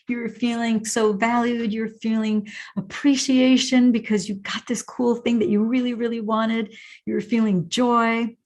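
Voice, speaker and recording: A woman hosting a show and answering viewer questions, enthusiastic and animated, often breaking into excited exclamations. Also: a little high. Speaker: host.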